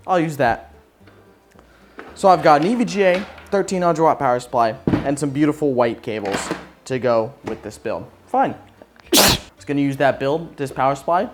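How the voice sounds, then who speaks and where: A man vlogging his PC build in a casual, profane and sarcastic way, ranting in frustration as he works. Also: a little high. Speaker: tech YouTuber.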